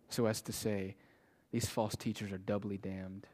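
Speaking a little slowly in a low-leaning voice, this pastor keeps his delivery flat even as he preaches with passion. He repeats phrases to drive points home and moves back and forth between booming statements and quiet whispers.

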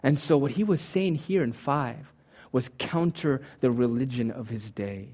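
A man's voice: medium pitch, measured pace, warm tone. A man preaching a sermon, teaching from Greek words with emphatic, swinging delivery and touches of humor. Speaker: pastor.

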